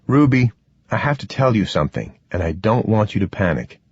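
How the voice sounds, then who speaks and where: Man voicing a calm undead man. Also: lowish voice, brisk, breathy edge, no echo. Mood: steady. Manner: calm, matter-of-fact. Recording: dull, dry, slightly muffled.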